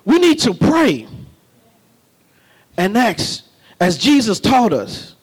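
A man preaching a sermon in a very high, lively voice. He talks in folksy call-and-response, swinging between soft asides and ringing shouts. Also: takes it slowly, slightly rough.

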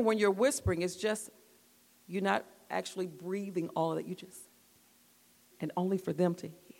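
Woman, church group leader, patient instructions, raspy fry, echoey room. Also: mid-range voice. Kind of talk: instructing a group exercise, devotional talk. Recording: long echoey hall reverb.

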